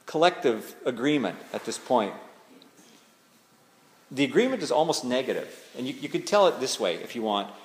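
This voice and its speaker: A man, a pastor, preaching a sermon in a conversational, searching way, slowing down to lean on key words. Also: mid-range voice. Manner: conversational and searching, slows down for emphasis. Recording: echoey hall with faint ambience.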